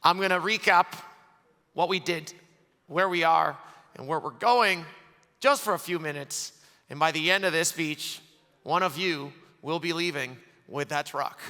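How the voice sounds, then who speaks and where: A man giving energetic closing remarks at a large conference, excitable and quick to laugh. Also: fairly high pitch. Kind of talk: conference keynote speech. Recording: long reverb of a large hall.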